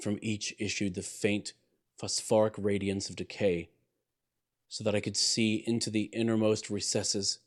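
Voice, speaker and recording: A man narrating a gothic story in a measured, theatrical manner, swelling louder on dramatic phrases and dropping soft at their ends. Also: fairly low pitch.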